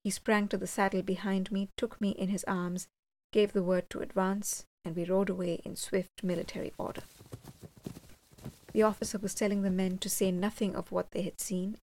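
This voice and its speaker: A woman reading a first-person gothic story aloud, measured and slowing for suspense. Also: medium pitch, flat delivery, darkish tone. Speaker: audiobook reader.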